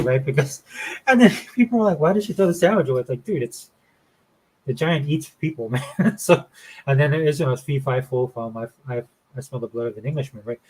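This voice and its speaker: A man's voice: mid-range voice, low-quality recording. A man from Florida hosting a casual gaming show, rambling with enthusiasm and saying "dude" and "man" often. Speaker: show host.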